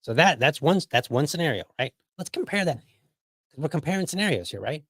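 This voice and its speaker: A man's voice: on the high side, very animated, a little fast, fairly bright tone, no room sound. Chatty man hosting a podcast, dry sound. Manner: conversational, hyperbolic, keeps asking "right?". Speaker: podcast host. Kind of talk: casual political commentary.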